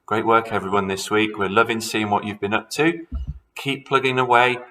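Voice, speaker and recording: A man's voice: lowish voice, moderate pace, pushed and bright, low-quality recording. A man who teaches primary school, reading a children's story aloud expressively and talking to his pupils.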